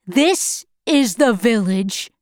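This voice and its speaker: A woman's voice: on the high side, lively intonation, slow pace, no echo. Woman doing a cruel mocking officer man, sneering, storybook reading, dry sound. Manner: sneering, contemptuous. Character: cruel, mocking male prison-camp officer.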